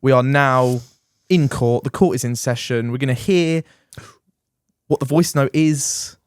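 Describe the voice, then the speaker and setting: A man co-hosting a podcast, talking in an animated, playfully theatrical casual chat. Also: medium pitch, unhurried, smooth, no echo, studio quality. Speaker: podcast co-host, son.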